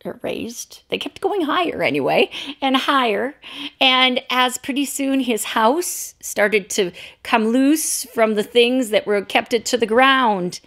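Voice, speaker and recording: A woman's voice: on the high side, fairly bright tone. A woman pastor preaching a sermon, telling a story in a loose, unscripted way. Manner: storytelling, unscripted with fillers and restarts.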